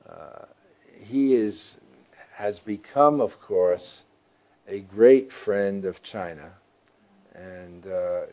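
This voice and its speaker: Deep, halting older male journalist. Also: warm tone. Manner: halting, with frequent fillers and restarts. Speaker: journalist being interviewed. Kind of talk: reflective interview answers.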